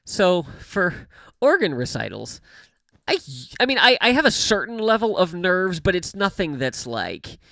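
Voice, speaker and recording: A gaming livestream host chats casually while playing, rambling with fillers and self-corrections and laughing often. His medium-pitched voice is sing-song, a little slow, gravelly, pushed and bright, recorded on a studio mic with a pop filter and no room sound.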